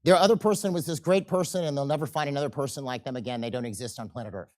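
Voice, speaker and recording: A man teaching a seminar, animated and often checking in with the audience, and acting out quoted people in changing voices. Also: mid-range voice, rapid-fire. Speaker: seminar instructor. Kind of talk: live seminar lecture.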